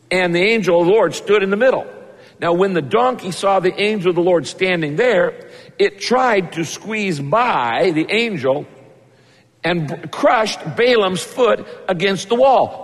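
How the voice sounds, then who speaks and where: A man's voice: high-pitched, long reverb tail. A man preaching a conversational, emphatic sermon, retelling a story and pressing the point home. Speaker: pastor.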